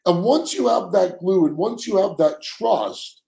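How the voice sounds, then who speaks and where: A man's voice: high voice, animated, a little slow, gravelly, dark tone, reverberant, poor audio. A man co-hosting a casual podcast chat, talking earnestly and often repeating words as he starts a sentence. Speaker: co-host.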